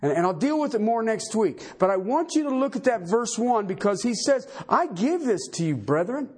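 A man preaching a sermon as pastor, emphatic, swinging between loud and low. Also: big pitch swings, moderate pace, husky.

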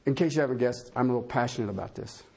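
Rapid-fire and with a breathy edge, a male pastor preaches and reads scripture aloud. His voice swings from loud, climbing emphasis down to quiet, low, folksy asides.

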